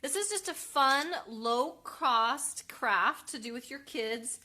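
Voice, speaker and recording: A mother hosting a home craft livestream, with a bright, clear tone that carries well. She talks in a loose, chatty way, full of ums and quick self-corrections, while reading out viewer comments. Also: high voice, expressive. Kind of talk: casual live demo, reading viewer comments. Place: at home with her kids.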